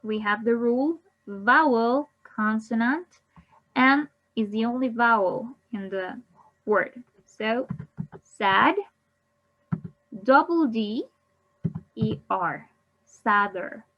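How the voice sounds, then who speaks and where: Very slow, patient woman teacher. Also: on the high side, highs cut off. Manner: repeats each word, then gives the Spanish. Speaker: English teacher. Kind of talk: slow bilingual grammar lesson.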